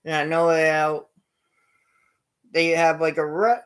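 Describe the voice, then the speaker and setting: A man's voice: fairly high pitch, completely flat delivery, a little slow, a bit bright, clean tone. A man hosting his own show, telling a long story in a rambling way with many fillers and restarts. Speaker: show host. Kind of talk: casual storytelling.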